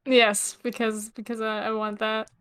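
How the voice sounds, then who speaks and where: Woman, co-host, casual read-along chat, teasing, blunt, swears, fairly high voice. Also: level tone, moderate pace, fairly bright tone, clear, resonant tone.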